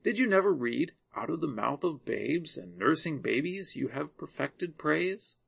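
A man voicing a compassionate male teacher in a scripture reading, speaking in a calm, earnest, measured way. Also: a little high, creaky, slightly rough, heavily acted.

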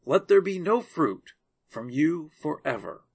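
A man voicing a compassionate male teacher in a scripture reading, speaking in a calm, earnest, measured way. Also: on the high side, gravelly, breathy edge, heavily acted.

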